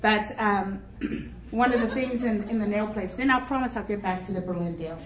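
A middle-aged woman telling a comic story to a luncheon crowd in a chatty, animated way, laughing as she goes. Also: mid-range voice, moderate pace. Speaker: luncheon speaker. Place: conference luncheon hall. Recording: echoey hall from far off, room noise.

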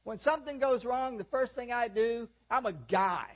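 A man's voice: extremely high pitch, normal speed. An older man preaching a sermon in a folksy, self-deprecating way, with sudden emphatic rises. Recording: dull lo-fi audio.

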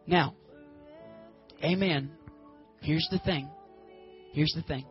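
A male preacher giving a casual, animated sermon and addressing the congregation directly. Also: fairly high pitch, takes it slowly, pauses often, highs cut off, faint music behind.

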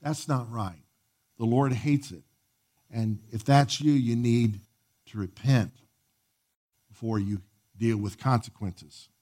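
An earnest male pastor preaching, his voice of ordinary pitch. He tells a church story and warns his listeners, leaping up in pitch for emphasis. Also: a little mellow. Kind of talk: sermon with personal story.

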